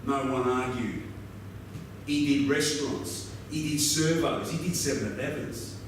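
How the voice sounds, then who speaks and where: An actor with an Australian accent playing a weathered, laconic outback roadhouse local who drawls through a swearing yarn. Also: male voice, medium pitch, unhurried, natural voice. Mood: wry. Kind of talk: theatrical monologue. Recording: very echoey, distant mic, noisy ambience.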